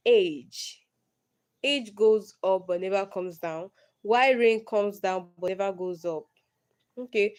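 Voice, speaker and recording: Slow-talking woman reading riddles. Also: medium pitch, darkish tone, clear, resonant tone. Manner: slow, reads riddles aloud and answers them herself. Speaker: livestream host. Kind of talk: casual solo livestream reading riddles.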